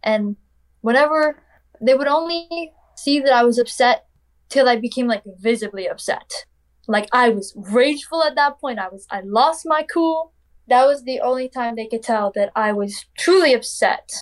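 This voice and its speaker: Young woman, casual storytelling, chatty, fillers like "like" and "literally", voice sits a bit high. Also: normal speed. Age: young adult. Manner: acts out quoted dialogue.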